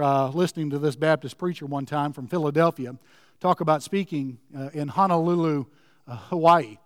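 A man preaching a sermon, earnestly telling a story and dropping to a hush at emotional moments. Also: on the high side, no echo, clean studio sound, in a large hall.

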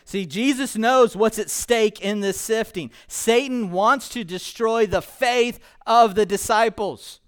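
A man preaching a sermon as pastor, joking and playful, swinging between hushed and loud, emphatic delivery. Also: sits high, takes it slowly, hardly any pauses, clean tone.

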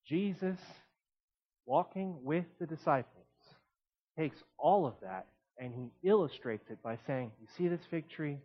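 A man preaching a sermon in an animated way, shifting between quiet explanation and emphatic points. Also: fairly high pitch, dull audio.

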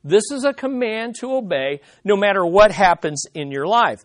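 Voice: mid-range voice, animated, moderate pace, dry recording. A pastor preaching a sermon in an emphatic, conversational way, repeating key points and asking the listeners questions.

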